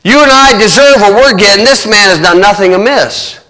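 A man's voice: sits high, moderate pace, pushed and bright, rough recording. A man preaching voices a condemned thief speaking in a raised, incredulous way. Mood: indignant. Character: rough, indignant condemned thief.

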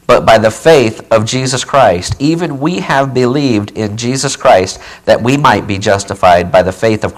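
A man with a fairly low voice preaches a Bible teaching sermon over poor-quality audio. He is emphatic and repetitive, stressing key phrases, often checking in with "okay," and he remarks that he keeps yelling.

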